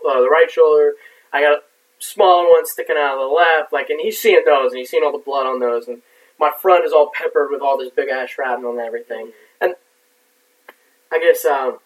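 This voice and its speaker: Guy rambling thru a story, cussing a lot, kinda high voice, mic far off. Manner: profane, rambling with many fillers. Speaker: guest telling a war story. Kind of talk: casual storytelling. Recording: distant mic.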